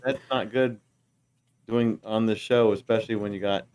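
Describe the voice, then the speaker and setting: A man's voice: lowish voice, steady tone, normal speed, darkish tone, a little hiss or hum. A man hosting a casual podcast, teasing his guest and reading out chat comments. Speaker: podcast host.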